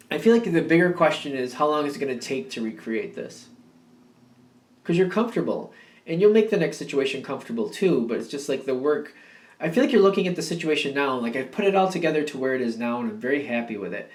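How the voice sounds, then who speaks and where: A man's voice: medium pitch, expressive, fast, distant mic. Rambling man giving a tarot reading. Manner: rambling, reflective, many fillers and restatements. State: yawning, a bit drowsy. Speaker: tarot reader. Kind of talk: casual tarot reading monologue. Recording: roomy sound from off the mic.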